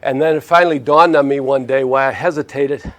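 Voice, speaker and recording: A spiritual teacher gives a conversational, story-driven lecture, frequently checking in with his listeners. His mid-range voice is steady and a bit bright, and he talks a little fast.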